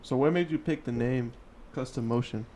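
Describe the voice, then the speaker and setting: A man's voice: medium pitch, moderate pace, dark tone, slight background noise. A man co-hosting a podcast, asking questions like an interviewer. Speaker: podcast co-host. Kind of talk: casual chat.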